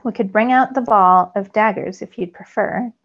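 Woman reading a cool teen rival boy who talks slow and dry, gravelly voice, storybook, muffled. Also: medium pitch, close to an everyday voice. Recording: dull lo-fi recording.

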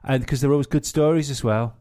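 Mellow-voiced podcast guy, rambly, swears a lot, keeps restarting. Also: medium pitch, fairly even intonation, quick pace. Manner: rambling storyteller, swears freely, many restarts. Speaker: podcast co-host. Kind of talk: casual chat.

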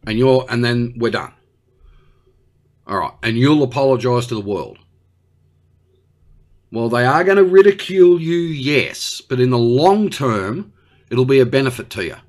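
Brash Australian man, lively pitch. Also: moderate pace. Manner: brash, blunt, slangy, talks to an unheard partner. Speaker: comedy podcast host. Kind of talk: one-sided comedic conversation.

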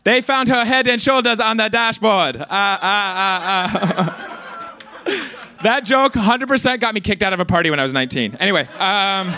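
Man doing Gandhi at a stage roast, high voice, bright tone, wobbly put-on accent, brash joker. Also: moderate pace. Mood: cocky. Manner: mangled put-on accent, brash jokes, giggles at own lines. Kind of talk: stand-up roast set. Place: comedy stage.

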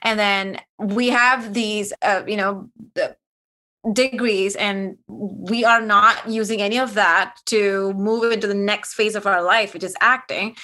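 Bright, animated woman from Kuwait. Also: medium pitch, measured pace. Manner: animated, acts out quoted dialogue. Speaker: guest. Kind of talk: candid personal storytelling.

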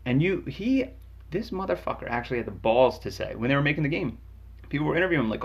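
A man ranting about a video game in an angry, sarcastic, profane comedic way, jumping in pitch for emphasis. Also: sing-song, fast, vocal fry, husky. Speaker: game reviewer. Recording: dull lo-fi sound.

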